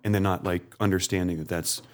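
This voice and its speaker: Low-voiced male guest, halting restarts, eager about art. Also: fairly even intonation. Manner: halting, many restarts, enthusiastic. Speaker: podcast guest, artist. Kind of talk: casual conversation.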